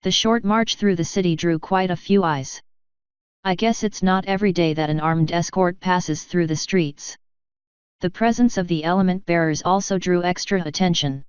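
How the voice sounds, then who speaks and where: A woman narrating a fan fiction story in a wry, even way. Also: lowish voice, moderate pace, clean tone, dry recording, dull audio. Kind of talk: audiobook narration.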